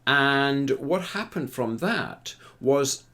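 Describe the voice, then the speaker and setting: Older man, lively storyteller. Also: medium pitch, takes it slowly. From Britain. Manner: lively anecdotal storyteller who acts out dialogue. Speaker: retired theatre performer interviewee. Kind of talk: documentary interview storytelling.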